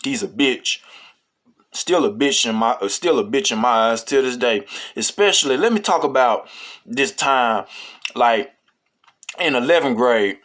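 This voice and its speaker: A man's voice: medium pitch, lively intonation, unhurried, fairly bright tone. A man telling a story in a casual, rambling, profane way, with many fillers.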